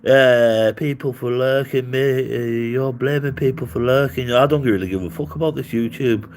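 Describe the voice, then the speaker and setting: A man's voice: medium pitch, fairly even intonation, normal speed, a little mellow, a little hiss or hum, rough recording. A man ranting on a casual livestream, rambling, mocking and swearing, often breaking into laughter.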